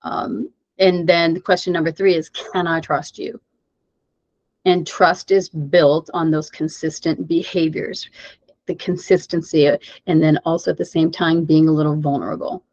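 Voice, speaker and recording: A woman gives a coaching webinar in an animated, conversational style and keeps asking the audience rhetorical questions. The video-call audio sounds dry and a little dull, with no room echo. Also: sits low, a little slow. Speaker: webinar presenter. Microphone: video call mic.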